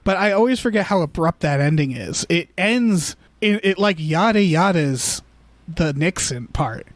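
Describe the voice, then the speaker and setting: A man with a notably high speaking voice talks loosely through a movie, stumbling into restarts and slipping into mock voices for quotes. The sound is dry and close, with no room around it. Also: expressive, measured pace, dry recording. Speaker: podcast co-host. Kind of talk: casual movie discussion.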